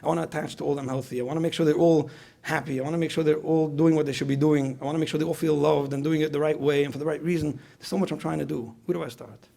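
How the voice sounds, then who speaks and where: Gravelly fast-talking male lecturer. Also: a little high, fairly even intonation, warm tone. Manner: repeats phrases, asks the audience questions. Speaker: speaker at a parenting retreat. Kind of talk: conversational lecture.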